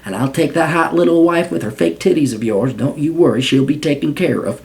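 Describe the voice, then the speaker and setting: A man's voice: fairly high pitch, fairly quick, gravelly, a little mellow. A man putting on a put-on Southern US accent to play a cocky, taunting Texan male federal agent. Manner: drawling, taunting, mock-polite.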